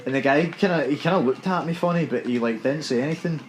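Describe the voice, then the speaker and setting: A man's voice: on the high side, quick pace, a little hiss or hum, poor audio. A young Scottish man co-hosting a gaming podcast, telling a story in casual, laughing chat.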